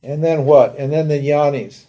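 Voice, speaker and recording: A man's voice: a little high, steady tone, moderate pace, muffled recording. An older man teaching a live lecture in a conversational way, asking rhetorical questions and acting out pleading prayers. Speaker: Vedanta teacher.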